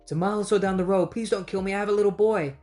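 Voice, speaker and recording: A terrified mother begging for mercy in a high, pleading voice, acted out by a comic recapper. The pitch sits well above the recapper's usual range. Faint music hums behind. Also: fairly even intonation, very fast, a little mellow, lightly acted.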